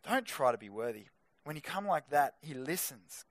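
A man preaching an energetic youth group sermon, with punchy joking asides to teenagers. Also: fairly high pitch, normal speed, dry recording. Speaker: youth pastor.

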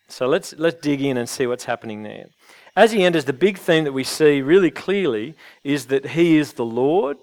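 A man preaching a sermon in an earnest, conversational way, often restarting his phrases. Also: mid-range voice. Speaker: pastor.

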